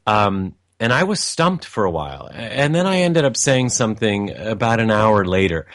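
A man's voice: lowish voice, very animated, moderate pace, few pauses, fairly bright tone, dry recording, studio quality. A man telling a personal family story in a reflective, meandering way, with frequent restarts and asides.

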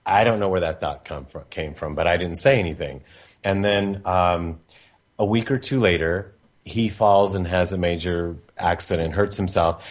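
A man hosting a radio talk show, telling a family story in a lively, chatty way. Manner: animated, pitch jumps when quoting others.

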